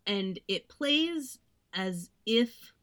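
A woman's voice: mid-range voice, animated, very slow, a bit bright, smooth. A young woman co-hosting a podcast, chatting casually about films, with lots of "like" fillers and some sarcastic mocking. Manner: chatty, frequent "like" fillers, sarcastic mock voices. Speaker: podcast co-host. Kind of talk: casual film review chat.

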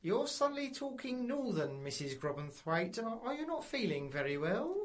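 A woman's voice: a little high, sing-song. A woman playing a fussy, patronising police inspector in a comedy radio drama. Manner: slow, deliberate, patronising.

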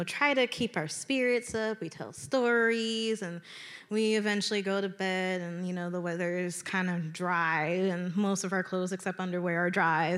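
On stage, a woman tells the audience a personal story, animated and conversational, with dramatic emphasis. Her voice is medium in pitch, and a long hall reverb trails behind it.

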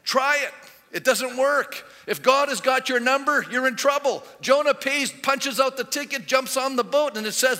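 A man's voice: extremely high pitch, moderate pace, pushed and bright. A man preaching a sermon in a conversational way, asking rhetorical questions as he goes. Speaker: pastor. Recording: long hall reverb.

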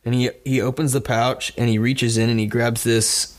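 A man's voice: medium pitch, flat delivery, moderate pace. A man narrating a tabletop game as game master, loose and chatty with frequent fillers.

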